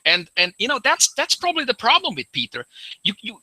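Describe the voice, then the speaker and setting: A man's voice: extremely high pitch, huge pitch swings, brisk, pushed and bright, no room sound, low-quality recording. A man in a casual group chat, blunt and profane, often restarting and repeating himself. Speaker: livestream chat participant.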